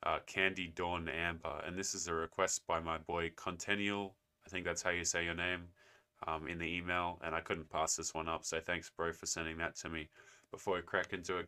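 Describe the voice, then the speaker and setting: A young man hosts a reaction video, with a very low voice that still has a bright, sharp edge. He talks sarcastically, lecturing his viewers. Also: clear, resonant tone. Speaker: response video host. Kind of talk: casual commentary.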